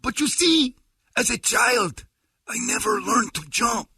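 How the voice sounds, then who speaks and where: A man's voice: very high-pitched, very animated, a little slow, gravelly, bright, forceful tone, slightly rough, no room sound, studio quality, pitched above the performer's own voice, exaggerated voice. A man putting on the voice of a bewildered grown man who never learned to jump, speaking earnestly and pleadingly. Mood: sheepish.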